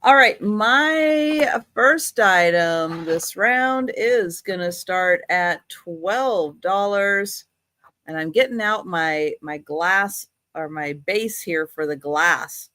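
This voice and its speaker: Slow, low-voiced woman seller. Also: a bit bright, no room sound, clean studio sound. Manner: slow, deliberate, exclaiming. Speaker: live sale co-host. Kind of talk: casual live-stream selling.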